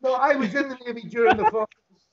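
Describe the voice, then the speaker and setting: A man's voice: very high-pitched, fairly even intonation, fast talker, muffled recording, noisy background. An older man with an Irish accent, a podcast guest telling stories in a casual, chuckling way. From Ireland. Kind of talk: casual storytelling chat.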